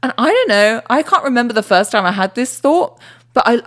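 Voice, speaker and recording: A woman's voice: fairly high pitch, big pitch swings, fairly quick, fairly bright tone. A British woman from England, near Bristol, co-hosting a podcast in casual chat. She talks freely and often drifts off on tangents. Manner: chatty, wanders into tangents. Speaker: podcast co-host.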